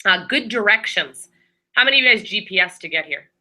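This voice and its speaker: A woman training a class of new receptionists in a room, talking quickly and chattily with many fillers and restarts. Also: mid-range voice, lively intonation, pushed and bright, rough recording. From Maryland.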